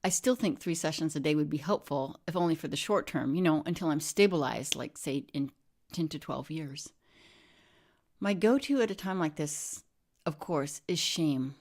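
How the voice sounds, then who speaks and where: A woman narrating a comic monologue, deadpan and wry, with a slightly low voice. She slips into whispered asides and half-muttered remarks between lines. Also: moderate pace. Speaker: storyteller.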